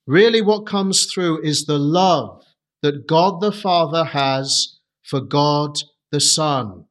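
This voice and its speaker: A man preaching a sermon, earnest and deliberate, lifting his voice on key phrases. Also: a bit bright. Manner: earnest, rises in pitch for emphasis; slow, deliberate delivery.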